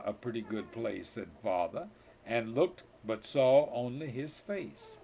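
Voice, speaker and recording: Slow older man reading rhymes. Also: medium pitch, creaky, mellow, slight background noise. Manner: sing-song reading with small slips and rereads. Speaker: grandfather. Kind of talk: reading children's poems aloud.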